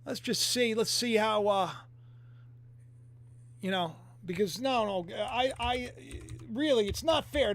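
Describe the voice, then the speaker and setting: A man hosting an online video, giving rambling, casual religious commentary with lots of fillers and asides to his viewers. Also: sits high. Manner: rambling, animated, talks to viewers with frequent fillers.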